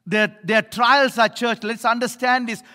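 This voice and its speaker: A middle-aged male pastor preaching a sermon, emphatic, swinging between loud appeals and low asides, in a church. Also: fairly even intonation, measured pace. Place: church sanctuary. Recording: echoey hall reverb.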